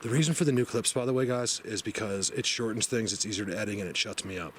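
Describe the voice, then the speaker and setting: Rambling low-voiced man hiking outdoors. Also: fast. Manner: rambling, excitable, many fillers. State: slightly out of breath. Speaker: outdoor video blogger. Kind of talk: casual walking commentary. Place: outdoors in a forest. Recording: noisy outdoor field recording.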